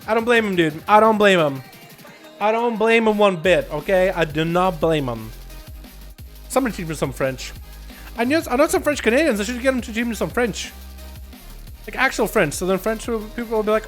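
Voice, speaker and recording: Upbeat high-voiced American man streaming. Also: a little fast, soft background music. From United States. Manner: energetic, chatty, jokey with viewers. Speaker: streamer and duel host. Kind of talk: live game commentary and chat.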